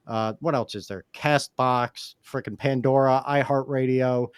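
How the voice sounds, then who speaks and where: A man co-hosting a podcast in casual chat, hyped and energetic, with frequent swearing. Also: medium pitch, a little slow, clear, resonant tone, no room sound, clean studio sound. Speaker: podcast co-host.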